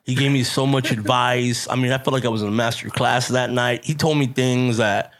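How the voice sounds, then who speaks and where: A man telling stories as a guest on a casual chat, his voice sitting in a middling register. He is animated and profane, laughs through his punchlines and sprinkles in Spanish slang. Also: mid-range voice, a little fast. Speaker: stand-up comedian, guest.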